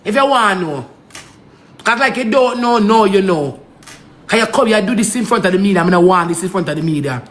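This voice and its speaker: A woman's voice: medium pitch, lively intonation, brisk. A woman with a Jamaican accent on a heated livestream rant, pleading and scolding in patois and repeating herself. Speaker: social media live streamer.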